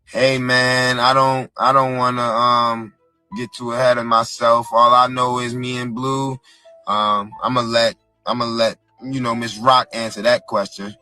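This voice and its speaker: A man answering interview questions in a hesitant, measured way. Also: medium pitch, faint music behind. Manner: hesitant, measured, flat delivery.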